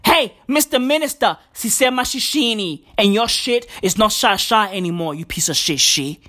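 A man's voice: high voice, normal speed. A young man doing a profane, mocking comic rant. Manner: loud, swearing, mocking, animated. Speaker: comedy vlogger.

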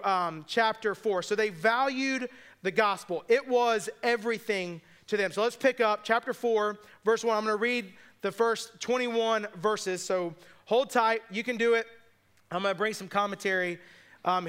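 A male pastor preaches a sermon. His voice sits high and sounds bright. He tells the story with quick asides and voices the people in it. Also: clean tone.

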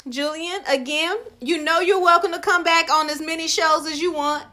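A woman's voice: very high-pitched, fairly even intonation, moderate pace, sharp tone. A woman hosting a podcast, teasing and laughing in casual chat, wrapping up the show. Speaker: podcast host.

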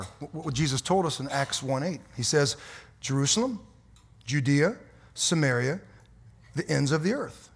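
A man preaching a fiery, folksy sermon as pastor in a church, swinging from quiet asides to loud exhortation. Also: on the high side, expressive, normal speed, a little hiss or hum. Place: church sanctuary.

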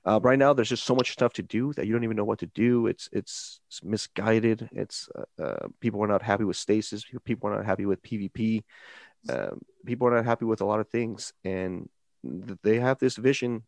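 A lower-pitched man with a gravelly, fry-heavy voice, hosting a casual gaming podcast. He rambles, repeats words and pushes hard on his emphasis. The sound is dry and close. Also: a little fast, no room sound. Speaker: podcast host.

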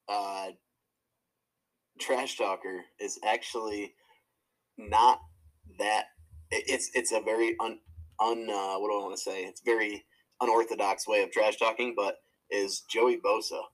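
A man's voice: lowish voice, steady tone, a little slow, pauses often, fairly bright tone, poor audio. A man co-hosting a podcast, chatting casually about sports, rambling with restarts and laughter. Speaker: podcast co-host.

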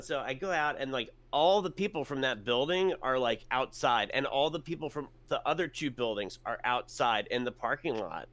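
A man's voice: medium pitch, lively intonation, normal speed, fairly bright tone. A man telling a story in casual chat, rambling with many fillers and restarts and casual swearing.

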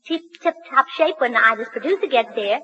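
A woman's voice: a little high, expressive, moderate pace, husky. A woman in a 1940s radio comedy, talking in a ditzy, literal-minded way. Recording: muffled old radio recording with loud hiss.

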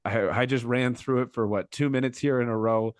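A man hosting a casual podcast, walking his listeners through a TV challenge moment by moment. He talks in a rambling, animated way, piling on detail as he goes. The sound is dry and close. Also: mid-range voice, a little fast, no echo. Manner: rambling, animated play-by-play retelling.

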